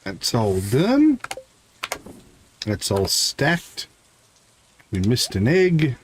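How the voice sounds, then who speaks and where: A man's voice: mid-range voice, very slow, slight background noise, rough recording. A man with a Midwestern American accent, casually commenting on his farming game during a live stream. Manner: relaxed, chatty, talking to chat while playing. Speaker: gaming streamer.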